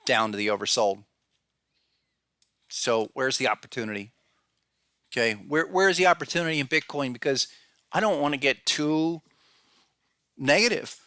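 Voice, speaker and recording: A man's voice: medium pitch, creaky, sharp tone, no room sound, studio quality. A man hosting a podcast, talking through charts in a rambling, casual way with many restarts and fillers, calling out viewers by name. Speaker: podcast host and trading analyst. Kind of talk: casual market analysis talk.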